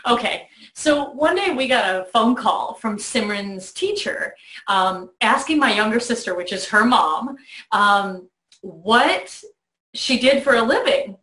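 Middle-aged lady host, animated storyteller, kinda high voice, roomy bedroom sound. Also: slow. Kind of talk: warm storytelling to a child on video. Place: child's bedroom.

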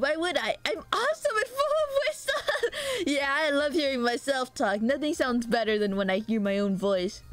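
A young woman streamer chatting casually and giggling with her viewers. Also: a little high. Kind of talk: casual livestream chat.

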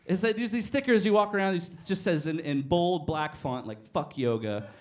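A man telling stand-up stories on a small cafe stage, animated and swearing freely as he acts out each scene. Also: high voice, normal speed. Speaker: stand-up comedian. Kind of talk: stand-up storytelling.

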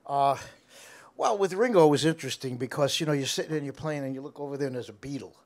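An older American man telling stories from his music career in a casual interview, animated, laughing, with frequent restarts. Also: medium pitch, quick pace.

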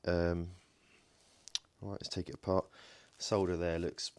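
With a low, clear, resonant voice that has little pitch movement, a DIY electronics host talks a little slowly as he dismantles a battery pack in his home workshop. The casual hands-on narration is jokey and thought-aloud, with lots of ums and self-corrections.

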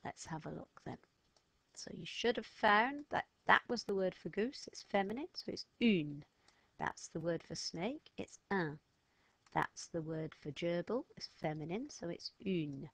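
A woman's voice: fairly low pitch, lively intonation, fairly bright tone, dry recording. Patient woman teaching children. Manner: patient, sounds words out slowly and emphatically. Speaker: French teacher. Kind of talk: recorded language lesson for children.

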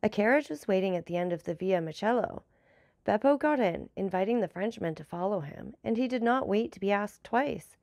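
Woman narrating, gravelly and dry. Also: mid-range voice, animated, a little fast, darkish tone, no room sound. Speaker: audiobook narrator. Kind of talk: scripted narration of a classic novel.

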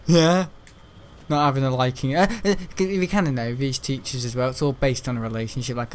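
A man's voice: mid-range voice, steady tone, a little fast, slight background noise. A man giving casual, rambling gameplay commentary, joking and laughing often. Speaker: gaming channel host.

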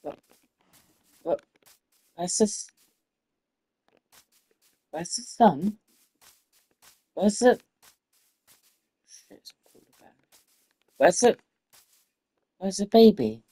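A woman giving casual, excitable commentary while playing a game and talking to the animals in it. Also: mid-range voice, extremely slow, long pauses, slightly rough. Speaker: gaming video creator.

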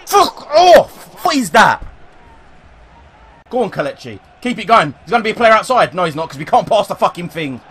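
A man from England commentating live on his own football video game, excitable and swearing, swinging between yelling at the players and deflated muttering. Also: high voice, brisk, long pauses, breathy edge. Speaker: gaming YouTuber.

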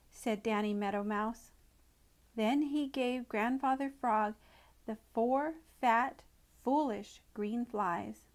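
A woman gently reading a children's storybook aloud in an expressive, unhurried way. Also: fairly high pitch. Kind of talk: storybook read-aloud narration.

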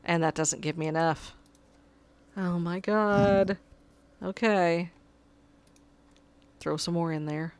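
A woman with a low-pitched voice talks through a tense game in an unhurried, offhand way. She mutters her plans out loud, sighs, and keeps pleading with her cat to settle down. It sounds like a desk microphone close to a computer. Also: fairly even intonation, clean tone. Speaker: gamer. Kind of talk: casual gameplay commentary.

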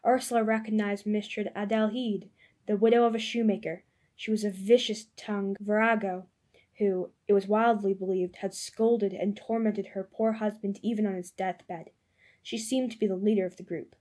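Woman audiobook narrator, measured delivery, mellow dark tone. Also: mid-range voice. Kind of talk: audiobook reading.

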